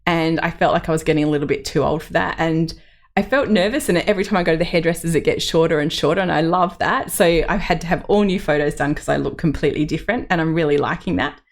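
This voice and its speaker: A woman's voice: low voice, fast. A middle-aged woman, hosting her own podcast in a chatty, open way with plenty of ums. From Australia. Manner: chatty and open, many ums, laughs through emotion. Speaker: podcast host. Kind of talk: solo podcast reflection.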